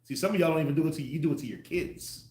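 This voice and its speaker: A man preaching to a group, acting out the voices he quotes with sudden loud bursts. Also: fairly high pitch, very fast, roomy sound. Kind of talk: street sermon teaching.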